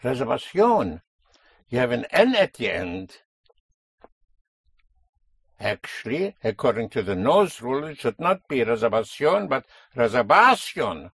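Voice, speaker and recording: Man, language teacher, patient explanations, animated pitch, slightly raspy. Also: measured pace, long pauses, no room sound. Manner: patient, explanatory, stresses key words. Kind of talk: spoken language lesson.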